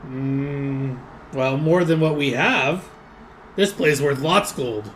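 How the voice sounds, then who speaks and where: A man's voice: mid-range voice, slow, a bit bright, slight background noise. A man voicing a blunt, suspicious male goblin guard who talks in broken grammar. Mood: stubborn. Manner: broken grammar, gruff and stubborn.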